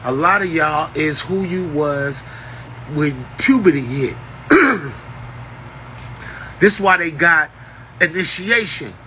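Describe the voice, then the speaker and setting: Man, preachy street-slang spiritual rant, profane, high-ish sharp voice, faint traffic behind. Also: animated, slow pace, pauses often, low-quality recording. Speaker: self-styled spiritual teacher. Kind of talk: unscripted spiritual rant to camera.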